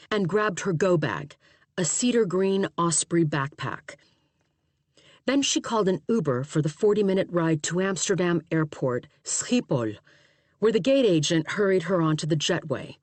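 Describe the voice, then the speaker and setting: A woman narrates an audiobook in a steady, even manner. Her voice sits low, and the booth sound is dead dry with no room at all. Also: no echo. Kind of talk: scripted narration.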